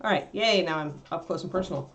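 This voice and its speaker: A woman hosting a casual livestream, animated and laughing, cooing at her puppy between remarks. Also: low voice, fast. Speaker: livestream host.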